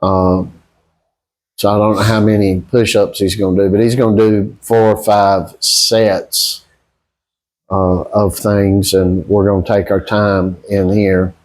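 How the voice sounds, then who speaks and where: A man coaching a boxing workout, talking casually in a halting way. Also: lowish voice, little pitch movement, a little mellow. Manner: halting, with fillers and restarts. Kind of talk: casual talk during a training session.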